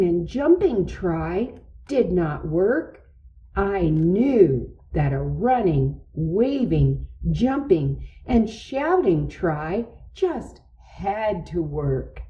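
A woman's voice: mid-range voice, muffled recording. A woman voicing a patient, encouraging male frog in a storybook, speaking in a coaxing, reassuring way. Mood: reasoning.

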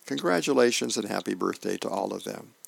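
A man's voice: lowish voice, lively intonation, brisk, vocal fry, dry recording. A man, a volunteer reader for a radio reading service, reading newspaper comics and birthdays aloud, lightly voicing the dialogue. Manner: reads comic dialogue with small voice changes.

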